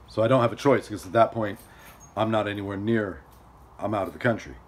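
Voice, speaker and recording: A man vlogging outdoors at a storage facility, telling a story in a chatty, animated way and acting out other people's lines. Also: lowish voice, fast. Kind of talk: casual storytelling vlog.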